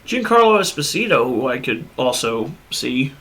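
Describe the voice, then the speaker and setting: A man hosting a laid-back movie discussion, and his voice comes across bright and forceful. He rants bluntly with plenty of swearing, recorded close on a USB podcast microphone. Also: medium pitch, very animated, moderate pace, husky. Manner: blunt, profane ranting. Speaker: podcast host.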